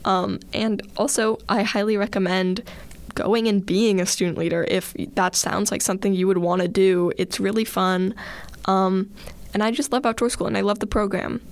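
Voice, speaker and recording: Creaky-voiced woman telling a personal story. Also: medium pitch, level tone, normal speed, no echo. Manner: earnest, chatty, with fillers. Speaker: student leader on a radio student segment.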